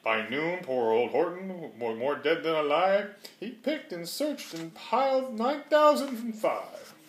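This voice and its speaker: A man's voice: a little high, animated, unhurried. A man reading a rhyming storybook aloud with a rhythmic, sing-song delivery. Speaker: reader. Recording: roomy echo.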